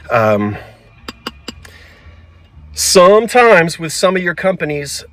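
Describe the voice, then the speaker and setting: A middle-aged man with a South Jersey lilt rambles on to himself as he picks through shelves in a thrift store. His voice sits at an ordinary pitch for a man, and he picks it up close on a phone he holds himself. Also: a bit bright. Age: 40s to 50s. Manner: chatty, talks to himself while browsing. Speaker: antiques vlogger. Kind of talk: casual thrifting vlog. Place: thrift store aisles, then a parked car.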